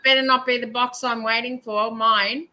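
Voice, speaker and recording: Bright, teasing woman. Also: fairly high pitch, steady tone, normal speed. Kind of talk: casual chat.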